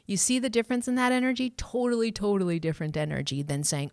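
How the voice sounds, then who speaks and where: A woman hosting a live stream as a spiritual coach, speaking gently and reassuringly, laughing often and acting out inner voices in a high cheery tone. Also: fast talker, creaky, dry recording, clean studio sound. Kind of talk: live-stream guidance, answering viewer questions.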